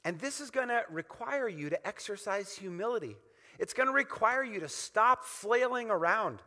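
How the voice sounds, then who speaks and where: A man's voice: sits high, expressive, moderate pace, pushed and bright, big-room sound. A man preaching a sermon as pastor, emphatic and repetitive, leading the congregation in call-and-response.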